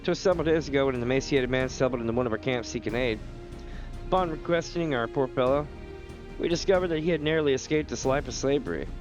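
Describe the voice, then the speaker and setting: A man voicing a grave, formal male naval officer in a game, measured in speech. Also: medium pitch, faint music behind, close to an everyday voice. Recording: dull lo-fi stream audio.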